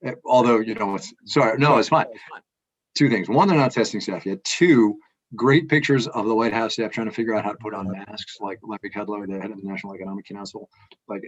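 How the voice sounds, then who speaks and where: Male co-host, low voice, emphatic and animated delivery, lo-fi dull recording. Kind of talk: casual news chat.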